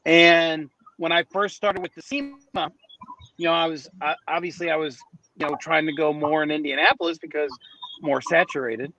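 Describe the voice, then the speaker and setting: A man's voice: a little high, steady tone, moderate pace, pushed and bright, dull audio, slight background noise. A man, a podcast guest, telling a story in a casual, rambling way, often restarting his sentences, speaking from outdoors near a city street.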